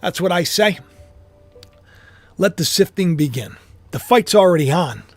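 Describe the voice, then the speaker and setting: A man preaching to his online audience with impassioned spiritual commentary, repeating phrases emphatically and swinging from loud outbursts to hushed asides. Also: high-pitched, lively intonation, measured pace, no echo, soft background music.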